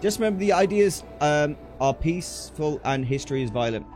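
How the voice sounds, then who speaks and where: Excitable young British streamer, slangy. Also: male voice, a little high, a little fast, slight background noise. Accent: British English. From Britain. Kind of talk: casual storytelling while gaming.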